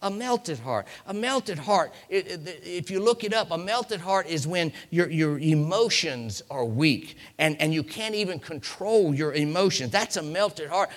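A man preaching a sermon, reading scripture aloud and building up to shouted lines. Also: a little high, lively intonation, a little slow, few pauses.

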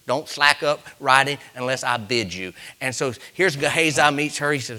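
A man delivers a sermon in a bright, forceful voice that sits a little high for a man. He tells stories and tosses quick questions to the congregation. Now and then he builds to loud, emphatic peaks. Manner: rising to loud emphatic peaks, call-and-response; storytelling with quick asides to the congregation. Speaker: preacher.

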